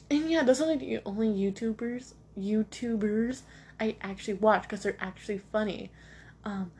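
A woman's voice: mid-range voice, a little mellow, a little hiss or hum. A young woman hosting her own podcast from home, chatting casually in a rambling, self-deprecating way with lots of fillers. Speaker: podcast host. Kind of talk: casual solo chat. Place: at home next to a cat.

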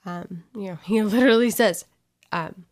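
A woman's voice: medium pitch, moderate pace. A woman talking candidly in a casual testimony chat, rambling and emotional as she tells her story. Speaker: co-host sharing her story.

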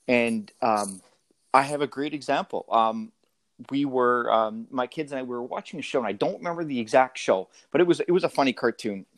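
A man's voice: medium pitch, a little fast, no echo. A man in his thirties, a father talking in a casual interview, hesitant and full of fillers and restarts.

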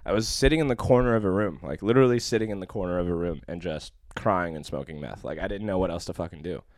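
A man's voice: deep voice, fast talker, darkish tone, no room sound, studio quality. A young man telling a long personal story in casual chat, profane and rambling, full of fillers.

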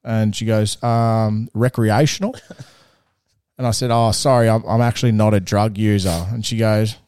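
A man's voice: fairly low pitch, level tone, normal speed, darkish tone, smooth, dry recording, studio quality. A man with an Australian accent, co-hosting a podcast and telling a rambling, sweary story in a casual chat. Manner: rambling, laid-back, swears freely. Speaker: podcast co-host.

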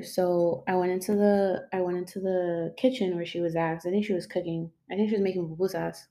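A woman's voice: fairly low pitch, flat delivery, brisk, dark tone. Rambling young woman telling a personal story. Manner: rambling, filler-heavy, emotional.

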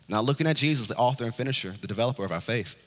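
A man preaching a sermon as pastor, swinging from loud urgent calls to low quiet asides. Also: expressive, rapid-fire, in a large hall. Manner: preaching with wide swings from loud high urging to low hush.

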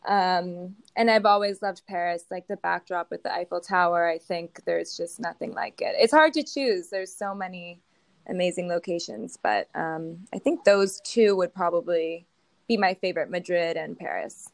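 A woman's voice: lowish voice, moderate pace, no echo. Young woman, chatty and giggly, lots of ums, dry close sound. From United States. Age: young adult. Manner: hesitant, many fillers and giggles. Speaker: guest, show jumping rider. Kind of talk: casual interview answers.

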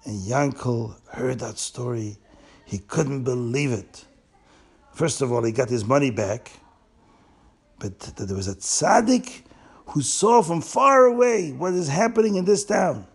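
Animated gravelly male storyteller. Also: medium pitch. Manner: animated, emphatic, drawn-out words. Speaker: storyteller and teacher for children. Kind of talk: storytelling with a moral lesson.

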